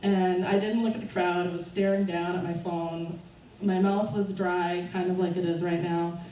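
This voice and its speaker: A woman's voice: fairly low pitch, level tone, moderate pace, mellow. A woman tells a personal story to a live crowd. She talks nervously and laughs often as she goes. The sound is distant and echoey, with faint noise behind her. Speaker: speaker at a fundraiser.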